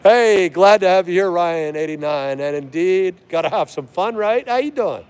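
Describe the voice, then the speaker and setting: A man's voice: sits high, expressive, normal speed, darkish tone, clear, resonant tone. A man hosting a live stream from an aviation museum, chatting with viewers and greeting each of them by name. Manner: chatty, friendly, answers chat by name. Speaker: livestream host.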